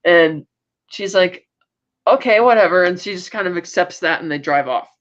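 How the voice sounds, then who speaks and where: A woman's voice: fairly low pitch, moderate pace, fairly bright tone, lo-fi sound. A woman co-hosting a podcast, recapping TV episodes in a loose, rambling way with plenty of fillers. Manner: rambling recap with many fillers and quoted bits. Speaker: podcast co-host. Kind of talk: casual TV recap chat.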